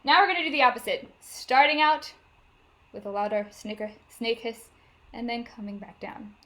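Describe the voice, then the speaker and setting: A choir director leading vocal warm-ups over a video call, coaching step by step with frequent cues to get ready. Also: female voice, a little high, normal speed. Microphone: video call microphone. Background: piano she plays for the exercises.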